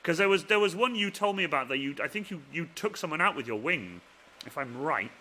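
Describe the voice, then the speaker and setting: A man hosting a casual chat, telling animated stories that trail off quietly at the end. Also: fairly quick. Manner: animated storyteller, voice drops low and trails off at the ends of stories. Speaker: host.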